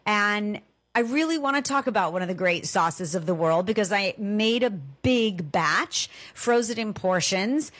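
A middle-aged woman from Southern California hosting a cooking show, talking in a chatty, enthusiastic way with emphatic repetitions. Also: medium pitch. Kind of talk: conversational solo podcast monologue.

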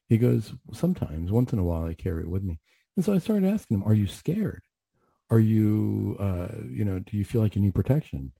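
A man's voice: on the low side, creaky, mellow, breathy edge, no room sound. A man who hosts a faith radio show and works as a clinician, telling a story in an earnest, conversational way and often restarting his phrases. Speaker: radio host and mental health clinician.

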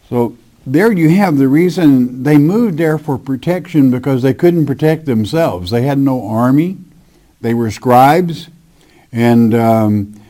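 A man's voice: medium pitch, mellow. A man teaching the Bible verse by verse, reading scripture aloud and commenting on it with emphasis.

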